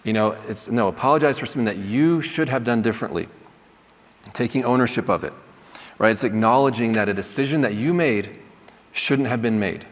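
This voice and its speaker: A man's voice: mid-range voice, fairly quick. Man teaching in a reverberant hall. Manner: conversational, checks in with "right?", acts out sample apologies. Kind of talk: classroom teaching talk. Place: lecture hall.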